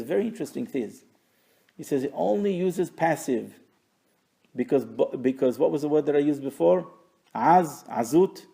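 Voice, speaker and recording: A man with a gravelly, slightly high voice gives a Torah lesson. He reads Hebrew phrases aloud, translates them and explains them in a conversational teaching tone with wry asides. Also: a little mellow.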